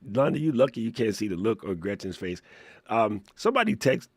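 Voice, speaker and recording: A man hosting a live Q&A stream, playful and joking, chatting to viewers in a slightly hoarse voice. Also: lowish voice, very animated, brisk, no echo. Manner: playful, joking, laughs often, reads chat aloud. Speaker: livestream Q&A host. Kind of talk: casual live-stream chat.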